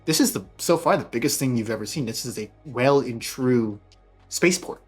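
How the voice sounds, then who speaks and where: A man's voice: mid-range voice, animated, moderate pace, breathy edge, faint music behind. A man running a tabletop game as game master, setting scenes cinematically with some fillers.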